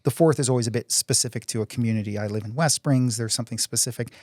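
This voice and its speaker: A man's voice: mid-range voice, quick pace, darkish tone, dry recording, clean studio sound. A middle-aged man, a council candidate and oil company CEO, speaking earnestly in a casual interview with frequent restarts. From Canada.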